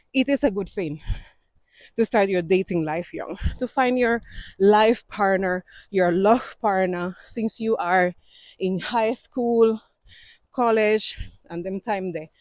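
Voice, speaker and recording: A fairly high, slightly mellow voice comes from a Cuban woman in her 40s filming a walking vlog on an outdoor trail. Slightly breathless from climbing, she chats and laughs often, with non-native phrasing. The close sound has no echo.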